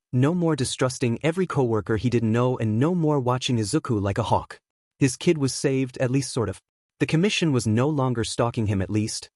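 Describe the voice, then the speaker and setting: A man reading a fan fiction story aloud in a steady, even narration. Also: medium pitch, dry recording, studio quality.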